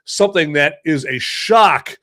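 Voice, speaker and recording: A man hosting a podcast in a casual monologue, telling stories in a rambling, joking and animated way. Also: on the high side, a little slow. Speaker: podcast host and movie reviewer.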